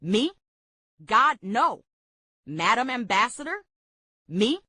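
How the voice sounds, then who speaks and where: A woman reading aloud voices a blunt, motherly cook with a Southern accent, drawling slowly. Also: a little high, very animated, sharp tone, dry recording, studio quality, heavily acted. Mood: amused. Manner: slow, drawling and earthy.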